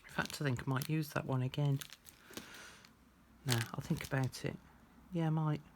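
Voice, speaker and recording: A woman's voice: deep voice, steady tone, moderate pace, creaky, background noise. A woman chatting casually through a craft tutorial, thinking aloud as she works.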